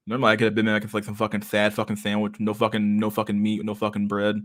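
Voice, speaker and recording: A man's voice: on the low side, monotone, fairly quick, a bit bright. A man giving casual, rambling livestream commentary on pictures, swearing constantly and laughing often. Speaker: streamer reacting to pictures.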